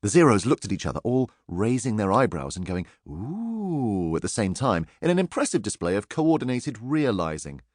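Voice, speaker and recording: A man narrating a children's audiobook in an expressive, playful storytelling manner. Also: on the low side, a little fast, few pauses, dry recording, studio quality.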